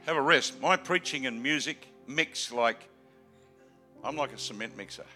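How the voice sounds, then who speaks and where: Older Australian male preacher, gravelly and very bright-toned, jokey and rambling, big swings in volume, faint music under him. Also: animated, moderate pace. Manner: jokey, rambling preacher who swings from loud exclamations to low asides. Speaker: guest preacher. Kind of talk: sermon.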